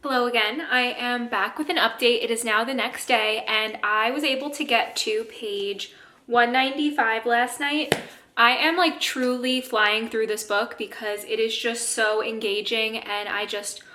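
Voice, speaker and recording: A young woman talks in a casual reading vlog, chatty and enthusiastic, her words full of fillers as she rambles on. She is a little out of breath the whole time. Her voice is bright and crisp, and the room around her sounds echoey. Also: fairly high pitch, steady tone, measured pace. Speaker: book vlogger. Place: home.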